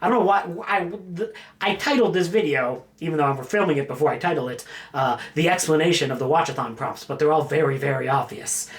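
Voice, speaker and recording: A man's voice: fairly high pitch, a little fast. A man hosting a casual vlog about his film collection, rambling and joking at his own expense. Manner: rambling, jokey, self-mocking. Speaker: video host showing his film collection.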